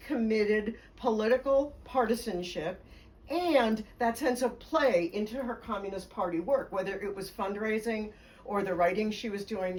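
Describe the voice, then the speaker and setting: A woman biographer tells stories during a conversational interview, speaking fluently and emphatically and laughing along. Her mid-range voice was captured from a distance in a rough recording.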